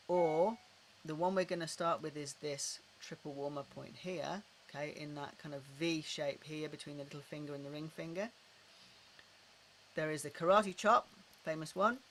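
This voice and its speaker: A middle-aged man calmly guiding a tapping and breathing exercise, slow and repetitive, recorded indoors at his desk. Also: on the high side, slight background noise, rough recording. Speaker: tapping practitioner. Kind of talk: guided tapping and breathing instruction.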